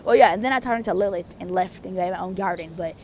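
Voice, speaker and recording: A woman's voice: lowish voice, fast, a little hiss or hum. A young adult woman vlogger telling a story in a casual, rambling way, full of fillers. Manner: rambling, animated, with many fillers.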